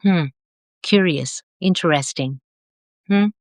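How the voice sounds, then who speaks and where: Middle-aged female facilitator, lowish voice, soft and affirming, unhurried, dry close mic. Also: no echo. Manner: gentle, affirming, drawn-out phrasing. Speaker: circle facilitator. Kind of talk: live video circle, reading out comments.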